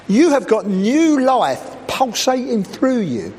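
High, lively male preacher in a hall. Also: takes it slowly. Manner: playful, teasing asides to the congregation. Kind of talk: humorous sermon. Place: church. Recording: reverberant church hall with faint background noise.

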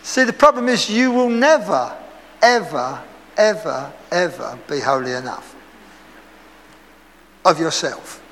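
A man's voice: fairly high pitch, slow, pauses often. A man with an Essex accent preaching a sermon, telling stories with laughs and acting out the lines he quotes. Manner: lively storytelling, laughs and acts out quotes. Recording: echoey hall with faint background noise.

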